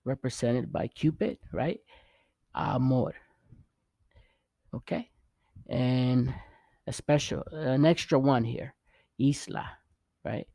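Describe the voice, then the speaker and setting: A man giving a patient, encouraging spoken lesson, repeating words slowly and checking in with the learner. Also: medium pitch, expressive, vocal fry, mellow, no echo, lo-fi sound. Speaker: Spanish teacher.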